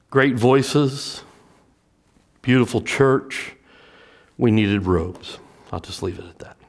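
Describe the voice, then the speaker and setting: A middle-aged male pastor preaching a sermon, swinging from loud emphatic lines to hushed storytelling. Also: on the low side.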